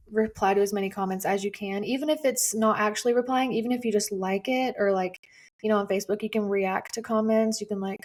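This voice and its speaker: A woman's voice: mid-range voice, a little mellow. Chatty woman in a casual interview. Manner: chatty, easygoing, with fillers. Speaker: guest content creator.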